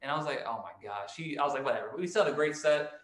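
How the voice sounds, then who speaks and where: A man's voice: a little high, very fast. Rambling man telling a story in an echoey room. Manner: rambling storyteller, lots of restarts, acts out quotes. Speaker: band frontman and podcast host. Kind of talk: casual chat.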